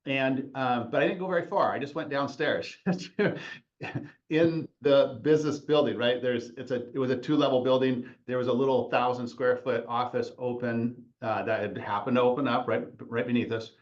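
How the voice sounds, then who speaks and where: A man in his forties tells his career story on a podcast, rambling and correcting himself as he goes. His voice sits at an ordinary middle pitch. The recording sounds a little muffled and lo-fi. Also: steady tone, moderate pace. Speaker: podcast host, chiropractor. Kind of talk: casual storytelling.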